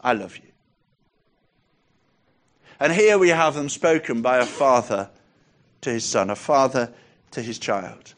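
A man preaching a sermon, emphatic, asking rhetorical questions and slowing down on key phrases. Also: medium pitch.

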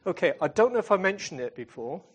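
A high-pitched, very animated, fast-talking man with a slightly rough voice represents a charity in churches. His informal, chatty talk wraps up with a prayer, and he tells stories with hesitations and restarts, calling himself a fun-loving comedian type.

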